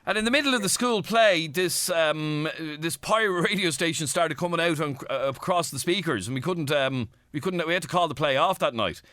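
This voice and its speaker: A man with an Irish accent hosting a radio phone-in show, lively and teasing. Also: fairly high pitch, brisk, few pauses, no echo. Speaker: radio host.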